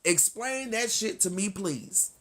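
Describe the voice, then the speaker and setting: A woman with a bright, sharp voice, talking to her viewers on a livestream. She rants in a heated, profane run straight to the camera and keeps breaking into laughter and sorry-filled asides. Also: mid-range voice, lively intonation, slow pace. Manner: laughs often, apologetic asides. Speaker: livestream host. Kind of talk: casual livestream rant.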